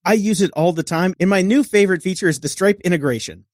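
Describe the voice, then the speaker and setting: A man's voice: high voice, fast, a little mellow, no room sound, clean studio sound. A man co-hosting a podcast, chatting casually and enthusiastically about products he uses. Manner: enthusiastic, upbeat endorsement. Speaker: podcast co-host. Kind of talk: casual chat.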